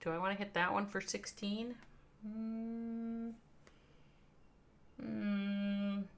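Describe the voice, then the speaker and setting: A woman's voice: medium pitch, fairly even intonation, a little fast, a bit bright. A woman with a Midwestern accent chatting casually with viewers on a live game stream, thinking aloud and reading out their names. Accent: American Midwestern.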